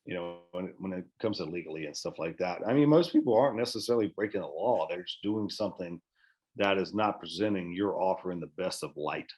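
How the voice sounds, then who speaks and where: A man with a fairly low voice, talking loosely as a podcast guest. He rambles, restarts his sentences and swears freely in relaxed chat. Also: quick pace. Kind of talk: casual chat.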